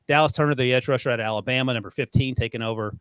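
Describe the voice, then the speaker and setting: A man co-hosting a podcast, talking fast and teasing his co-host with frequent laughs. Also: mid-range voice, fairly bright tone, clean tone, no room sound. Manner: quick, laughs often, teasing. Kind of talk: casual sports chat.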